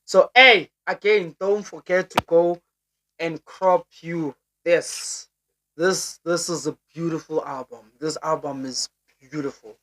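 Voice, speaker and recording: A young woman with a South African accent chatting casually to her viewers as a vlogger, animated and urging, her voice leaping up high. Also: slow, slight background noise. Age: young adult. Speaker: YouTuber. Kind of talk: casual vlog chat to viewers.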